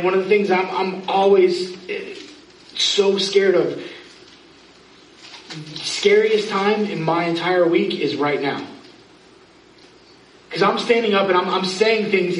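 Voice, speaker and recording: A man's voice: sits high, unhurried, long pauses. Brief: man in his thirties, a pastor preaching earnestly, faint room noise in the back. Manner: earnest, pleading, with self-mocking asides. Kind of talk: sermon. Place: church sanctuary. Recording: echoey room, from far off.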